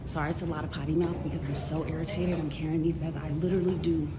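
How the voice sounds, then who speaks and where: A woman's voice: low voice, fairly even intonation, fast talker, very noisy. Fed-up woman vlogging through an airport. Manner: exasperated, venting, swears freely, addresses viewers as y'all. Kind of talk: casual vlog to camera. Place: airport terminal and shuttle.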